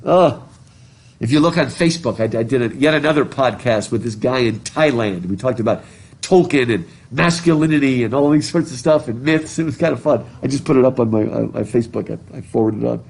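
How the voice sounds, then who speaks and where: A middle-aged man teaches a literature class, his voice a bit husky and muffled by a mask. He rambles through tangents, reads passages aloud and keeps asking the students questions. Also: medium pitch, fairly quick, a little mellow. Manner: chatty, digressive, asks the class questions. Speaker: college professor. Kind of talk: classroom lecture with reading aloud. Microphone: recording device in a classroom, speaking through a mask.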